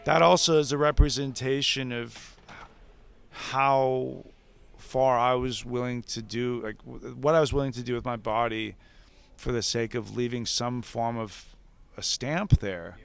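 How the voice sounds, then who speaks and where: A man telling a story in casual, animated talk, swearing freely and acting out what others said. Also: medium pitch, unhurried, gravelly, clear, resonant tone. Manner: animated, profane, laughs often, acts out others' lines. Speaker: wrestling veteran guest.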